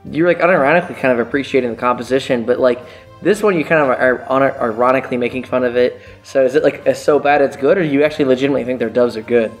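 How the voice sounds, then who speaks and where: A man's voice: medium pitch, very fast, soft background music. A man chatting as a podcast guest, hesitant and full of fillers, often trailing off. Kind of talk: casual podcast chat.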